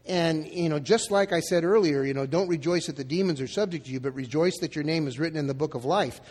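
A man's voice: on the high side, fast, darkish tone, long reverb tail. A male pastor preaching a sermon in a casual, conversational way, acting out the quoted lines. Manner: conversational, acts out quotes in dialogue.

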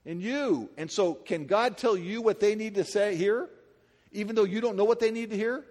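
A middle-aged male pastor preaching a sermon in a lively, conversational way, firing rhetorical questions at a congregation. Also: sits high, moderate pace, in a large hall.

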